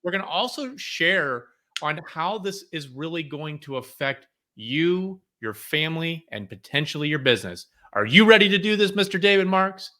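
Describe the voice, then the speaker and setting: Bright, energetic male podcast host. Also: a little high, moderate pace, few pauses. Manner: energetic and playful, leaning on hype. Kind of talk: upbeat podcast banter and sponsor reads.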